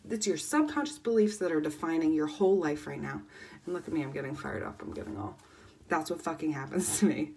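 A woman in her thirties on a motivational livestream, talking fervently and swearing constantly, swinging between loud emphasis and near-whispers. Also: on the low side. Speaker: life coach.

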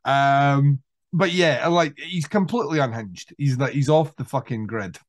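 Animated, swearing male podcast co-host. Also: mid-range voice, unhurried. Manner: animated storyteller, swears freely, acts out scenes. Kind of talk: casual movie chat.

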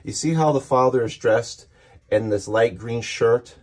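A man's voice: medium pitch, unhurried. A man casually walking through a comic book issue page by page, enthusiastic and rambling, often restarting his sentences.

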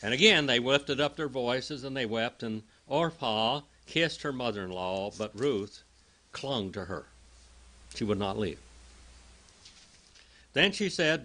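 Preacher, male, bright, clear tone; reads verses, then chats through them. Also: mid-range voice, expressive, measured pace, pauses often. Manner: conversational Bible teaching, reads scripture then explains it. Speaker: pastor. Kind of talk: sermon.

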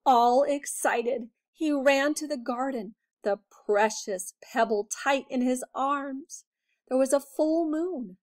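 Slow, expressive woman reading a picture book. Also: high-pitched. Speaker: teacher reading aloud. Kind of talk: children's picture book read-aloud.

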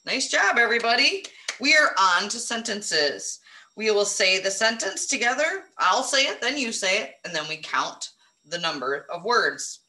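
A woman teaching a phonics lesson to young children, encouraging them and modeling each word slowly. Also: medium pitch, expressive, bright, forceful tone, reverberant. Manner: encouraging, drawn-out modeling of words.

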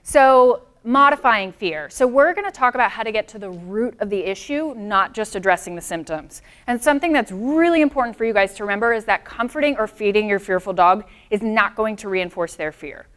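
A woman's voice: medium pitch, animated, brisk, few pauses, fairly bright tone, smooth. A woman dog trainer presenting a live seminar, explaining things in a friendly way and answering comments from the audience.

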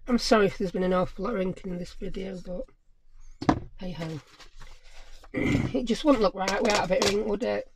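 A woman's voice: medium pitch, fairly quick, long pauses, very noisy. Chatty woman crafting. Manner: chatty, muses aloud to herself. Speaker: craft channel host. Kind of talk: casual crafting chat.

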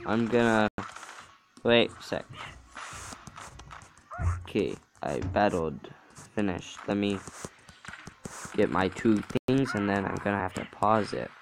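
A man's voice: lowish voice, slow, vocal fry, pauses often, noisy background. A man giving casual, distracted play-by-play commentary while playing a video game. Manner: mumbling, distracted play-by-play with fillers. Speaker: gameplay video host.

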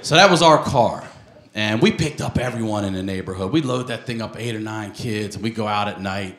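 A male stand-up comedian from the United States, telling a crude, animated story on a comedy club stage into a handheld mic. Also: lowish voice, brisk, a faint crowd. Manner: animated storytelling, crude jokes, bursts into shouted voices. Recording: live club recording, roomy, loud audience laughter.

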